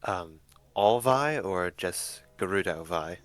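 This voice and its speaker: A man playing a tabletop game, making dry jokes and measured strategic remarks. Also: sits low, animated, no room sound. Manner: dry, joking. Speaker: player.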